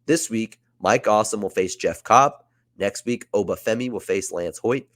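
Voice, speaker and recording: A podcast host with a fairly low, slightly bright voice speaks at normal speed, recorded dry with clean studio sound. He casually narrates wrestling storylines he booked, chatty and full of fillers.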